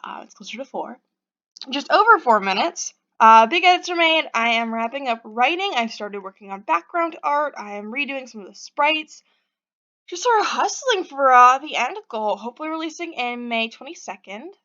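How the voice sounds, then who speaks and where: A woman's voice: high voice, animated, normal speed, pushed and bright, lo-fi sound. A woman hosting a preview of her own game, chatting in a rambling, self-deprecating way and reading the narration. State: just woke up. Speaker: game developer and host.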